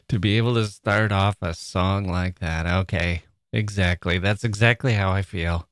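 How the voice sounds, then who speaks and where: Chatty male podcast host, low voice. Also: unhurried, no room sound, clean studio sound. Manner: chatty and playful, often laughing; emotional, excitable. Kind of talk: reading listener mail aloud, casual monologue.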